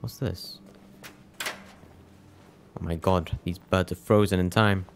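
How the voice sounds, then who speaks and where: A man's voice: deep voice, steady tone, takes it slowly, background noise. A young man giving casual let's play commentary, muttering wry reactions to a game. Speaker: gameplay commentator. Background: game music.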